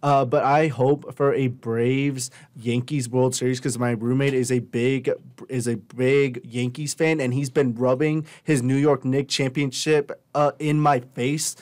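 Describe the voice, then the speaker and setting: A man's voice: medium pitch, flat delivery, a little slow, darkish tone. A young man co-hosting a casual sports talk show, rambling with many fillers and self-corrections. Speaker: radio show co-host.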